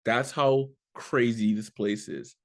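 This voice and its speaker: A man from Canada, a comedian guest in an interview, telling a story with animated energy and acting out the voices of the people in it. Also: mid-range voice, slow pace, creaky. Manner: animated, acts out quoted voices, swears casually.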